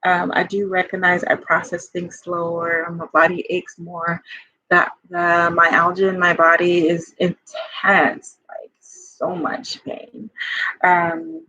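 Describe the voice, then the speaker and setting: Husky woman talking in a rambling way. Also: on the low side, completely flat delivery, slow pace, pushed and bright. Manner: rambling, confessional, many fillers. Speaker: life coach. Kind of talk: personal vlog. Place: home by a fire. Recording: dull lo-fi sound.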